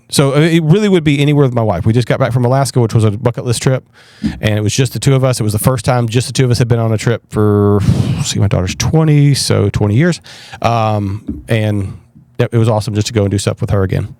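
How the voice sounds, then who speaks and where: Animated man, dry close sound. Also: mid-range voice, no room sound. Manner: animated, self-deprecating storyteller with frequent restarts. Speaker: pastor guest. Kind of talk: casual interview chat.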